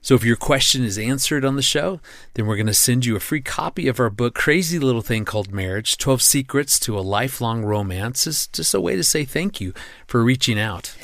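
A man co-hosting a marriage podcast with his wife, speaking in an encouraging way and joking gently. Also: mid-range voice, lively intonation, a little fast, no echo, studio quality. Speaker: podcast co-host. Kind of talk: casual married-couple podcast chat.

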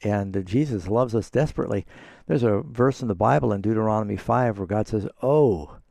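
A man's voice: lowish voice, fast, vocal fry, darkish tone, dry recording, clean studio sound. A man hosting a call-in radio Bible program as pastor, explaining scripture in an earnest, conversational way.

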